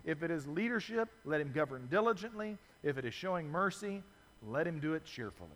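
A man preaching a sermon, his voice pitched a little high for a man and carried by the long reverb of a large hall. He moves between animated storytelling, where he acts out the voices of the people in his stories, and steady reading of scripture. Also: fairly quick. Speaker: pastor.

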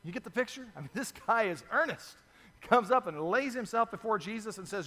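A man preaching a sermon, his voice pitched a little high for a man and carried by the long reverb of a large hall. He moves between animated storytelling, where he acts out the voices of the people in his stories, and steady reading of scripture. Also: a little fast. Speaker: pastor.

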